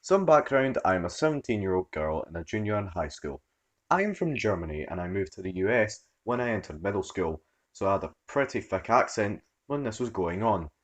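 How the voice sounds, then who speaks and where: A man reading a story aloud as its narrator, in an expressive storytelling manner. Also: fairly low pitch, fairly quick. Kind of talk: scripted narration.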